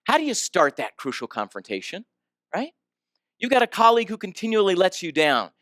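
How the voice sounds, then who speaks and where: A man's voice: sits high, brisk, no echo, clean studio sound. A man giving a storytelling talk, asking the audience questions and acting out the people in his story. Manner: animated storyteller, asks the audience questions, acts out quoted voices. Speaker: speaker.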